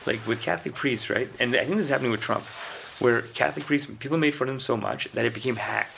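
Fast-talking gravelly man, casual chat. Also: mid-range voice, a little hiss or hum. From India. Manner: rambling, animated storytelling with quoted voices.

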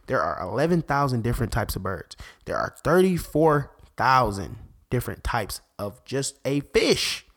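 Excitable rambling man hosting a podcast. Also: medium pitch, moderate pace, few pauses. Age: adult parent. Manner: excitable, rambling, self-interrupting. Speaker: podcast host. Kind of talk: casual faith podcast monologue.

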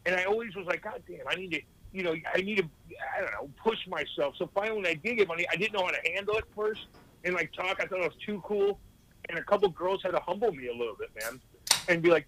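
A man, a former hockey player, telling rambling, profane stories in a casual podcast chat with lively voiced quotes. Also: high-pitched, fast talker, low-quality recording.

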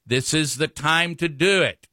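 Rambling radio host, forceful voice. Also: male voice, a little high, unhurried, no room sound, studio quality. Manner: rambling, full of fillers and self-corrections. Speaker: radio talk show host. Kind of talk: local talk radio monologue.

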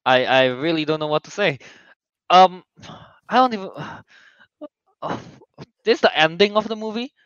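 A man's voice: high voice, measured pace, pauses often, fairly bright tone, clear, resonant tone, no room sound. A young man co-hosting a podcast, hesitant and laughing often as he chats. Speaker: podcast co-host. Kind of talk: casual chat. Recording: dry, slightly muffled mic.

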